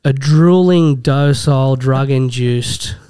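A man's voice: mid-range voice, slow pace, dark tone, smooth, no room sound. An Australian man co-hosting a podcast, talking with dry, mock-serious humour and colourful turns of phrase. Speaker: podcast co-host. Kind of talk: casual banter.

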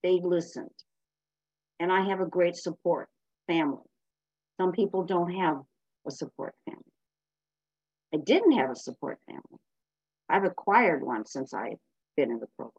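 A woman's voice: lowish voice, expressive, normal speed, pauses often, a little mellow, slightly rough, no echo, dull audio. A woman giving a blunt, emphatic personal share as a speaker at a recovery meeting.

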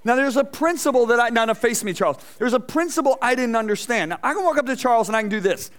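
A man preaching a lively sermon in a high, bright voice. He tells stories and acts out voices along the way, swinging from loud bursts to soft asides as he talks to the congregation. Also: fast. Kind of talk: energetic sermon with stage demonstration. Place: church stage before a congregation.

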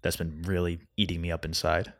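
Young man rambling fast and anxiously. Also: low voice, level tone, gravelly, fairly bright tone. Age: young adult. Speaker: solo podcast host. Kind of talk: casual ranting monologue. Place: Chicago.

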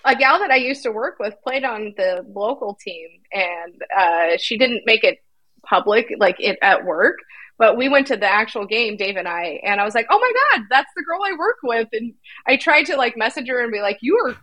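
A woman co-hosting a casual podcast with her husband, telling stories in a chatty, animated way. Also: medium pitch, moderate pace, dry recording. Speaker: podcast co-host. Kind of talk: casual chat.

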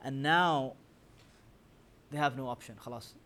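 A man teaching a Quran commentary class, quizzing his listeners with rhetorical questions and reciting verses in a quick chant. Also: mid-range voice, fairly bright tone. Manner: recites scripture in rapid chanting. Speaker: religious teacher.

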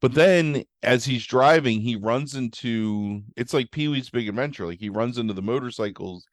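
A man's voice: medium pitch, normal speed, no room sound, clean studio sound. A man chatting casually as a podcast co-host, rambling through a movie recap full of "like" and "um" while acting out quotes. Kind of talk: casual chat.

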